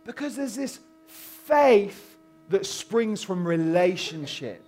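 A man preaching a sermon in a conversational, animated storytelling way, acting out voices. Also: high voice, slow pace, soft background music. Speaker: pastor.

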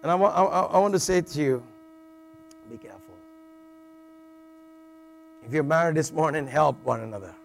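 A middle-aged man preaching to a congregation in a relaxed, joking manner. His voice sits a little high for a man, and he keeps checking in with his listeners. A low mains hum runs under the recording. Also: moderate pace, vocal fry, long pauses. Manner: jokey, conversational, with frequent "all right" asides and restarts. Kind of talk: sermon.

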